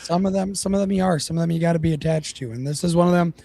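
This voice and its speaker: A man's voice: on the high side, very fast, vocal fry, dark tone, slight background noise. A man co-hosting a casual talk show, ranting and swearing freely while he mocks other people's voices. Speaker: podcast co-host. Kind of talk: casual profane chat.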